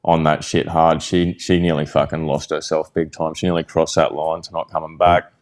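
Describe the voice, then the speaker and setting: An Australian man, a podcast guest, telling a candid story in a blunt, halting way and swearing freely. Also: a bass voice, level tone.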